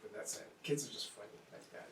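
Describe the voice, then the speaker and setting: A man's voice: fast talker, a little hiss or hum. A young man hosting a podcast, telling stories casually and acting out children's voices. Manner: animated storyteller acting out kids' voices. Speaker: podcast host. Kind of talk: casual chat. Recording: roomy, distant mic.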